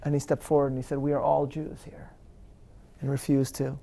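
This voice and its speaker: Gravelly-voiced rabbi, earnest and measured. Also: male voice, medium pitch, monotone, dark tone. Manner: measured and earnest, with emphatic stresses and frequent restarts. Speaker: rabbi giving a talk at a live interview. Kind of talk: thoughtful lecture-style answer.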